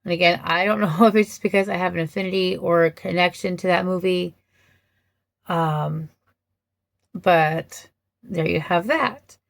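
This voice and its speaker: A woman talking casually about two film versions of a story, thoughtful and hesitant with many pauses and restarts. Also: lowish voice, steady tone, gravelly, dry recording. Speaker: vlogger reviewing films.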